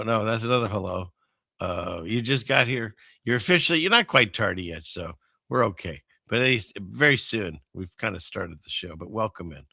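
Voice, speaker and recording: A man's voice: fairly low pitch, creaky, bright, forceful tone, dry recording, studio quality. A man hosting a casual livestream, rambling through viewer comments and chuckling often between remarks. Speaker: livestream host.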